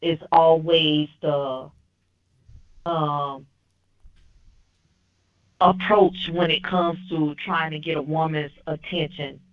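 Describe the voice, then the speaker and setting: A woman's voice: low voice, steady tone, slow, pauses often. A woman caller giving firm opinions, often restarting her sentences. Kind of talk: casual call-in phone talk. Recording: dull lo-fi phone line.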